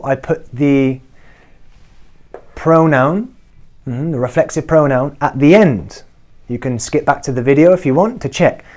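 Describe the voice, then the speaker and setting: A man teaching a beginner Spanish lesson to camera, checking in often with "okay?" and slowing down to model each Spanish form. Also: fairly high pitch, a little mellow. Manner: encouraging, checks in with frequent "okay?". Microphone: talking to camera.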